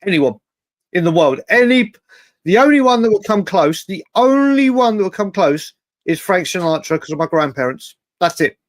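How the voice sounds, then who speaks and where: Casual guy on a footy podcast, kinda high voice, rambles and restarts, dry close mic. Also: sing-song, normal speed, no echo. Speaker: podcast co-host. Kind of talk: casual chat.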